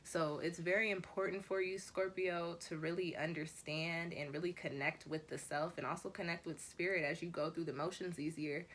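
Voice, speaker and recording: A woman with a notably low voice delivers a tarot reading in an easygoing, rambling style. She drifts between thoughts and drops in the occasional swear word. A faint hiss sits under her voice. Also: steady tone, moderate pace, hardly any pauses, a bit bright. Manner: casual, rambling, with mild swearing. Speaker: tarot reader.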